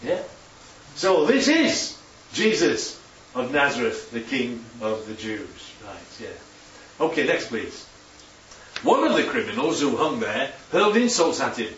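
A man's voice: mid-range voice, very animated, a little slow, fairly bright tone. A man giving an informal Bible teaching talk, chatty and full of tag questions. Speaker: preacher teaching from slides. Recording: echoey room, distant dull mic, faint hum.

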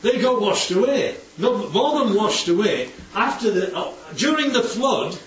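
Man, Bible study leader, animated, keeps checking for agreement; distant, echoey, muffled recording. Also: high voice, unhurried. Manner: animated, asks for agreement often. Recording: roomy, distant, dull recording with faint background ambience.

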